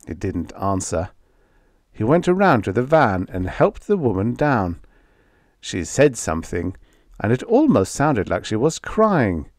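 Male audiobook narrator, lower voice, very slow and lively, dry close recording. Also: dry recording. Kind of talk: scripted first-person story narration.

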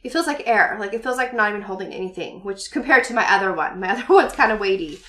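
This forties-aged vlogger speaks quickly in a medium-pitched, expressive, sharp-toned voice, with reverberation around her. Sitting at home, she rambles casually through a shopping haul, laughing and using lots of fillers.

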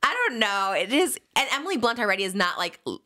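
A woman's voice: fairly high pitch, fast. An American woman hosting a podcast, chatting casually with lots of filler words. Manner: animated, filler-heavy valley-style talk. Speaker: podcast host.

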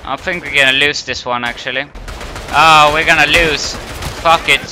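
A man's voice: on the high side, steady tone, moderate pace, bright, forceful tone, a little hiss or hum. A man commenting on his own game play, panicky, profane and self-mocking. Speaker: gamer. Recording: game gunfire and explosions behind voice.

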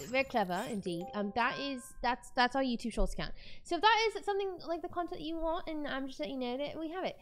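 A young woman streamer chatting casually from her room at home, bubbly and chatty as she thanks viewers by name. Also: sits high. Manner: bubbly, chatty, reads viewer names aloud. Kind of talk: casual live-stream chat.

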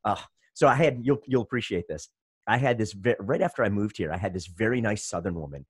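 Lively husky-voiced man host. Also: fairly low pitch, fast talker, no room sound, clean studio sound. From Detroit, USA. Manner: animated storyteller, friendly. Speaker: podcast host. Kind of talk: casual interview conversation.

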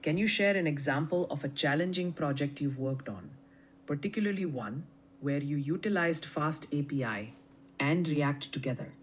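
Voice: medium pitch, normal speed, a little hiss or hum. A polite, friendly text-to-speech voice assistant answering in conversation.

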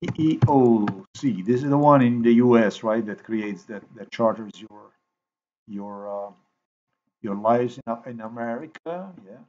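A man talking to his viewers in a rambling, halting way while he edits a video, repeating himself and filling gaps with "you know". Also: mid-range voice, darkish tone, highs cut off. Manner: repetitive, halting, thinks aloud with many fillers. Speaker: video maker.

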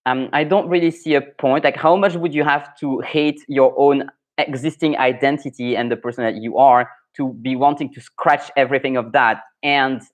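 Casting: young adult male French coach, French accent, mid-pitched voice, loose live-stream chat full of fillers. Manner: chatty, thinks aloud with many fillers and restarts.

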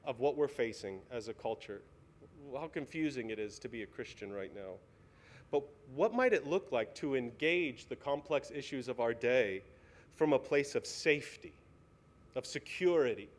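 A male pastor preaching a sermon in a church, earnest and pleading, asking the congregation many questions. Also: mid-range voice. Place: church sanctuary.

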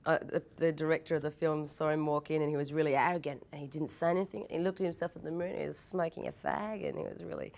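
A young woman in an interview, telling anecdotes in a lively way, laughing often and restarting her sentences. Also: low-pitched, creaky. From Australia. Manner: animated storytelling, laughs often, quick repeated restarts. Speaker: actress interviewee.

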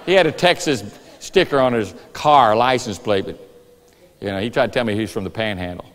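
A man preaching a sermon in a church, telling the story lively and acting out voices and rooster calls. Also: on the low side, a little fast. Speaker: pastor. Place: church sanctuary. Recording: reverberant church hall.

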